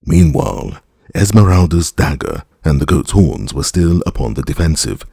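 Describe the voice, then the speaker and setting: Very deep, gravelly male narrator. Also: expressive, normal speed, dark tone, no room sound, clean studio sound. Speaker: audiobook narrator. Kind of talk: scripted audiobook narration.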